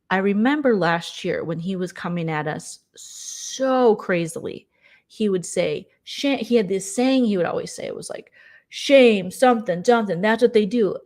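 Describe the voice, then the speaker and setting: A woman talking to her camera in a loose late-night chat, sarcastic and ranting. Her voice sits at an ordinary middle pitch, with mocking asides. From United States. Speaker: vlogger.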